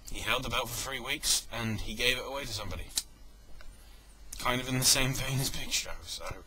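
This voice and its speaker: A man's voice: mid-range voice, brisk, crowd noise, poor audio. A man giving a casual spoken review, rambling and correcting himself, with joking asides. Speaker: wrestling event reviewer.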